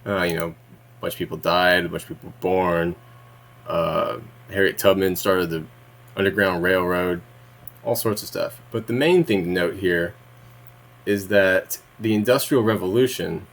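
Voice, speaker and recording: Casual vlogger, male, low voice, meandering delivery, laughs mid-sentence, swears when irritated. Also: moderate pace. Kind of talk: rambling casual monologue.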